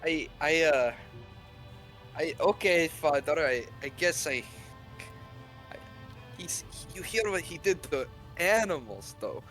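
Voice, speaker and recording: Lively, stammering male player. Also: a little high, faint music behind. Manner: lively, stammering, quick to react. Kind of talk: playing a tabletop game in character.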